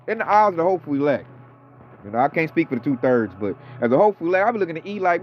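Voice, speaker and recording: A man's voice: fairly high pitch, very animated, racing. A man in his thirties or forties giving a casual, fired-up sermon, slangy and profane. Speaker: preacher. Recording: dull lo-fi audio with faint music.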